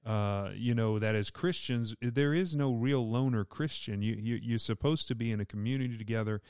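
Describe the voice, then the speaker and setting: A man's voice: mid-range voice, normal speed, a little mellow, smooth, no echo, clean studio sound. A man with a Southern US accent, a pastor talking through Bible verses in an easygoing, joking podcast chat. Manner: easygoing, joking, laughs often. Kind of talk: casual podcast Bible discussion.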